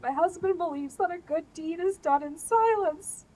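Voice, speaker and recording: A woman with a high voice speaks at an outdoor rally about her husband. Her delivery is soft, personal and emotional. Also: moderate pace, rough recording. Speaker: wife of the detained man.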